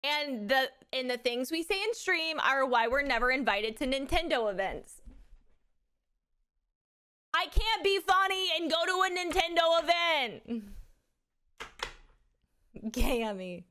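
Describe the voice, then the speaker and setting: A woman streamer chatting casually and excitably with her audience, full of crude jokes and giggles. Her voice sits fairly high, with a bright, sharp edge. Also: slow, pauses often. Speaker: live streamer. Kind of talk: casual live-stream chat.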